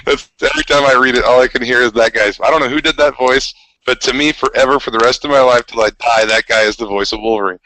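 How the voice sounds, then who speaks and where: 30s guy gushing on a podcast, bright tone, mid voice. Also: medium pitch, steady tone, fast, no room sound, poor audio. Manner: enthusiastic, nostalgic storyteller. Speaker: podcast co-host. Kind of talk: casual chat.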